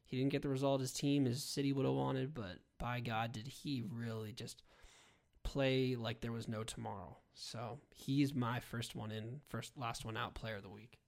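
A man's voice: medium pitch, fairly even intonation, moderate pace, gravelly. A man co-hosting a casual sports podcast, earnest and folksy. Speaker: podcast co-host.

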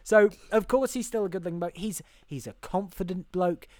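A man's voice: high-pitched, normal speed, darkish tone, no room sound, clean studio sound. A man co-hosting a casual chat, talking in a chatty way, laughing often and restarting his sentences. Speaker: podcast co-host.

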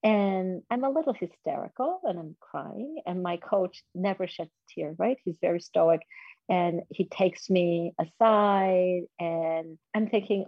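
A woman's voice: lowish voice, measured pace, no room sound. Woman in her fifties, candid storyteller, dull lo-fi sound, close dry recording. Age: 50s. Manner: animated, candid, self-deprecating storyteller. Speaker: guest. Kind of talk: storytelling interview.

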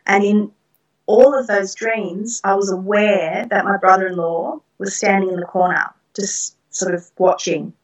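A middle-aged woman recounts personal experiences in an interview, earnest and reflective, with soft laughs. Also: mid-range voice, fairly even intonation, a little slow. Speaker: guest. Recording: roomy, distant from the mic.

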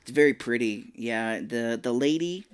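A man co-hosting a podcast, chatting casually about a film, rambling and animated. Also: mid-range voice, normal speed, clean tone. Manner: rambling, animated, does mock voices of film characters. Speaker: podcast co-host. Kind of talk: casual movie review chat.

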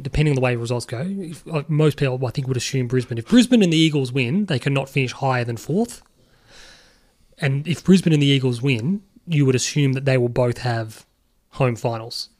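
A young Australian man co-hosting a casual footy podcast, his voice sitting at a middle pitch. He talks in animated, quick bursts and leans hard on the key words. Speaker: podcast co-host. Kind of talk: casual sports chat.

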